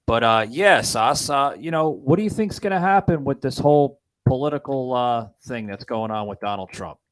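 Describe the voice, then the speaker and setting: A man hosting a political podcast, talking in a halting, upset way with many fillers and restarts. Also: medium pitch, expressive, low-quality recording. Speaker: podcast host.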